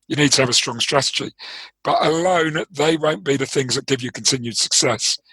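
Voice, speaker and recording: A man with a London accent talks through his coaching approach in an interview. His voice is bright and a little husky, and it sounds dry and close. He is explanatory and circles back with repeated words as he thinks. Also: medium pitch, a little fast, dry recording, rough recording. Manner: thoughtful, explanatory, with frequent restarts and repeated words. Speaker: trading performance coach, interview guest. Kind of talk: interview conversation.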